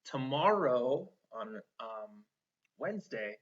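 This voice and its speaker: A man's voice: medium pitch, sing-song, slow, highs cut off. A man teaching a one-on-one spelling lesson, patiently sounding out words letter by letter and encouraging the student.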